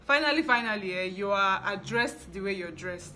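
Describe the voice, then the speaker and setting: A woman's voice: medium pitch, normal speed, few pauses. A young woman with a Nigerian English accent, telling a story from her fashion business in a casual, chatty vlog. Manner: chatty, animated storytelling with asides. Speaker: fashion business owner vlogger.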